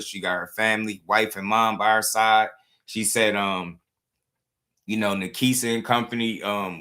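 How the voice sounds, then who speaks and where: A man's voice: lowish voice, bright, forceful tone. A man hosting a boxing livestream channel, talking in a heated, blunt, slangy way and often repeating himself. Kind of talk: livestream commentary rant.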